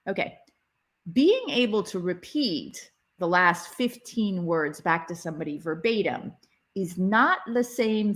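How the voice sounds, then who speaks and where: Woman relationship educator, slow-paced, very animated intonation, chatty live-session host. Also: on the low side. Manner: expressive, chatty teacher answering viewers. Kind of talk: live interactive workshop session.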